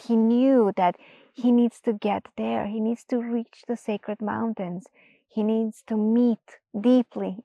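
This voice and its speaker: A woman telling a traditional story in a slow, expressive voice that sometimes sinks to a near-whisper. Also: medium pitch, dry recording. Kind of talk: gentle storytelling narration.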